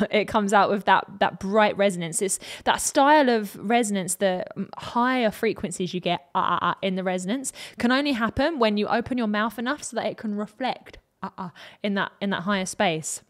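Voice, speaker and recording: A woman's voice: medium pitch, fairly quick, few pauses. A woman, a vocal coach, analysing a song in a reaction video and demonstrating the sounds with her own voice.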